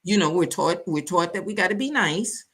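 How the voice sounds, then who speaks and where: A woman's voice: on the low side, lively intonation, moderate pace, fairly bright tone, husky. A woman co-hosting a live online talk show, chatting animatedly, repeating phrases and acting out quoted people. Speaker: co-host.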